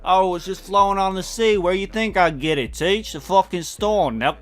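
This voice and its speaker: A man's voice: sits high, normal speed, soft background music, voice pushed up, lightly acted. A man putting on a cocky, slangy voice to taunt a police officer, drawling his mockery. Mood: mocking. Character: brash cocky young man taunting a cop.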